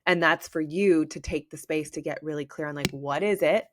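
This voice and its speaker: Low-voiced woman giving a motivational ramble. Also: normal speed, slight background noise. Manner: rambling, conversational, heavy use of "like"; encouraging, motivational. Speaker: podcast host, business coach. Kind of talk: casual solo podcast monologue.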